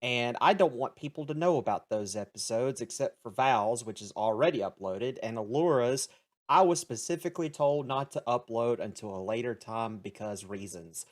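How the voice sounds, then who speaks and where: A man serving as game master, narrating a tabletop game in an unhurried, deliberate way. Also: mid-range voice, expressive.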